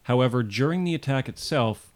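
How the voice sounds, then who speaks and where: A man's voice: medium pitch, animated, brisk. Man telling history on a podcast. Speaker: podcast co-host. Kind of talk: casual history podcast storytelling.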